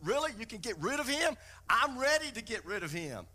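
A man's voice: very high voice, big pitch swings, measured pace, bright, forceful tone, pitched above the performer's own voice, heavily acted. A male preacher voicing an anxious young man who bargains and pleads in a sermon story. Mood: excited. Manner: pleading, flustered. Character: anxious young man begging to keep his sin.

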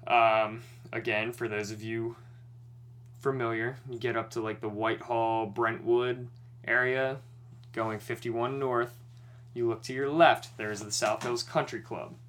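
A man's voice: mid-range voice, flat delivery, a little slow, fairly bright tone. A young man co-hosting a podcast, retelling a story in casual chat with lots of swearing and worked-up energy.

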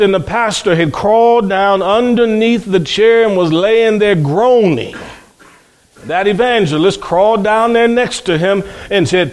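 A man preaching a sermon, telling a revival story with dramatic quoted voices. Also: high voice.

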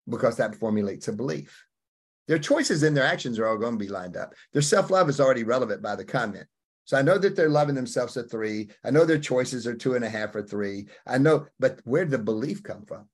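A husky, middle-pitched man from Alabama gives an emphatic interview answer. He talks in punchy bursts and throws in acted-out quotes. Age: middle-aged. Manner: emphatic, acts out quoted voices, punchy phrasing. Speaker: podcast guest, life coach. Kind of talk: animated conversational interview answer.

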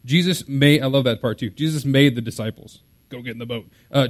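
A man preaching a sermon as a pastor, in a conversational, explaining way with casual fillers. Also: medium pitch.

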